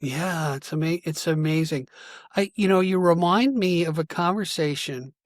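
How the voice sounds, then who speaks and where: A man hosting an interview, asking questions in a thoughtful, halting way and often restarting his sentences. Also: fairly high pitch, dry recording, clean studio sound. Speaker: interview host. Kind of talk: conversational interview.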